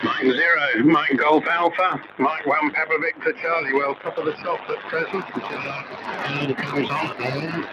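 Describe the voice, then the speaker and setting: A man's voice: fairly high pitch, steady tone, moderate pace, hardly any pauses. Chatty man through heavy radio static. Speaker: amateur radio net controller. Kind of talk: casual radio net chat. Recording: heavy static on muffled AM shortwave reception.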